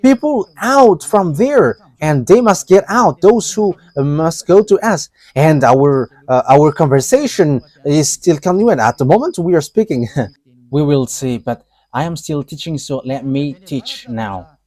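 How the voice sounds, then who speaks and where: A man preaching a live sermon, talking in short, halting, broken phrases. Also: on the high side, expressive, a little mellow, no room sound.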